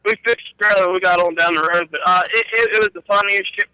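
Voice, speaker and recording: A man's voice: high-pitched, fairly even intonation, fast talker, sharp tone, clean tone, dry recording, low-quality recording. A middle-aged man telling rambling, profane stories about his trucking days and laughing at his own tales. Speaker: guest storyteller. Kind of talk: casual storytelling.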